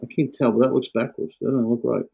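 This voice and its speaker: A man lecturing on Greek to a class, halting and full of fillers and self-corrections. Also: medium pitch, steady tone, creaky, breathy edge, phone-quality sound. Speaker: Greek instructor.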